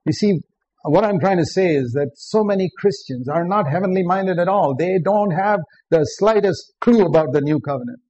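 A man's voice: high voice, normal speed, warm tone. A man preaching a sermon, earnest and direct, often putting questions to the listeners. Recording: dull lo-fi recording with faint background noise.

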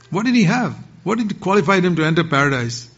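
An older man preaching a sermon to a seated congregation, firing off sharp rising questions and dropping to quiet asides. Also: sits high, very animated, normal speed, vocal fry, breathy edge. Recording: dull lo-fi sermon recording.

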